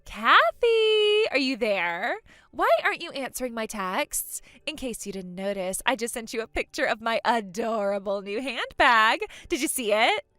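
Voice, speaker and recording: A woman's voice: a little high, animated, normal speed, sharp tone. Woman putting on a bratty, gloating younger sister. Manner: gloating, taunting, giggly. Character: spoiled, vain, mocking younger sister, woman. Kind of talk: acted story dialogue.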